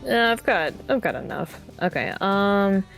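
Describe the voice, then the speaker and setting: A woman's voice: mid-range voice, expressive, a little slow, vocal fry, fairly bright tone, faint music behind. A woman playing in a tabletop game, chatting casually, scattered and thinking aloud. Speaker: player.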